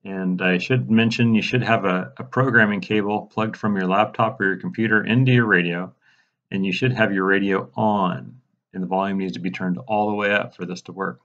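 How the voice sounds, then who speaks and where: A man with a lowish voice explains software settings step by step in a casual, mildly exasperated way. His voice sounds a bit dull and lo-fi, as if captured on a computer mic during a screen recording. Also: steady tone, moderate pace. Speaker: radio programming instructor.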